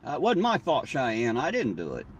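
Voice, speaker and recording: A man's voice: mid-range voice, wildly swooping pitch, normal speed, breathy edge, lo-fi sound. A man from southern Ohio with a drawl, chatting casually and folksily on a live stream while driving. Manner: laid-back, folksy, rambling. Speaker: livestreamer. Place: inside a car driving at night. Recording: distant mic with faint road noise.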